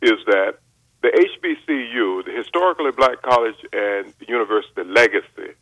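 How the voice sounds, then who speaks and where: A man in his seventies from North Carolina, a chemist giving a measured, formal radio interview with frequent pauses. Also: fairly low pitch, animated, a bit bright, dry recording, low-quality recording. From North Carolina, USA. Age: 70s. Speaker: guest chemist. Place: radio studio.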